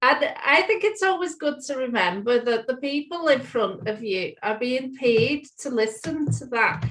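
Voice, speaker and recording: A woman co-leading an online workshop over a video call, upbeat and practical and quick to laugh. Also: high voice, lively intonation, a bit bright, rough recording. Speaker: workshop co-facilitator.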